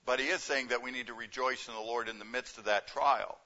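A man's voice: mid-range voice, fairly even intonation, a little fast, sharp tone, lo-fi sound. A man preaching a sermon as a pastor, in a conversational way that repeats key phrases.

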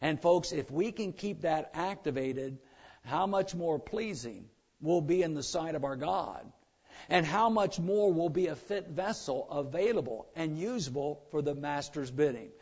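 A high-voiced man with a drawl preaches with lively, joking energy, slipping into mocking voices of complainers. The recording sounds a bit dull and lo-fi. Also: unhurried, breathy edge. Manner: animated, joking, mimics complainers. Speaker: pastor. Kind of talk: sermon.

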